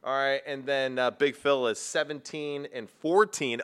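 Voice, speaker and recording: A man's voice: medium pitch, fairly even intonation, unhurried, fairly bright tone, clean tone. A young man co-hosting a casual sports talk show, needling his co-host in a teasing way.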